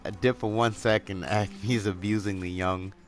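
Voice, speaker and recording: A man's voice: lowish voice, normal speed. A man streaming a monster hunting game live, chatting casually with a friend, cursing a lot and laughing, with faint music behind. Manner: profane, excitable, laughs often. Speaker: gaming streamer. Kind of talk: casual live gameplay chat.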